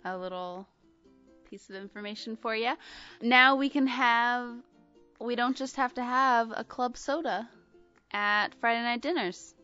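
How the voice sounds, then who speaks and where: A woman's voice: fairly high pitch, measured pace, pushed and bright, smooth, highs cut off, faint music behind. A woman co-hosting a podcast in casual chat, bubbly and giggly. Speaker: podcast co-host.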